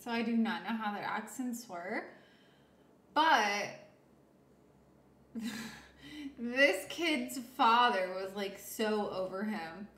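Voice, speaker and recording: A woman's voice: medium pitch, a bit bright. Laid-back woman in an echoey room. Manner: laid-back, dry, laughs often. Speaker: podcast co-host. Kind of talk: casual film review chat.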